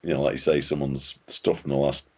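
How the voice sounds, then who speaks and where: A man guesting on a podcast in casual conversation, halting and restarting his sentences, often chuckling. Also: rumbling low, little pitch movement, a little mellow, husky.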